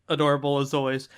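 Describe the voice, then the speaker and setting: Bright-voiced playful male podcast host. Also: on the high side. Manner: playful, grandiose introductions. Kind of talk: casual podcast chat.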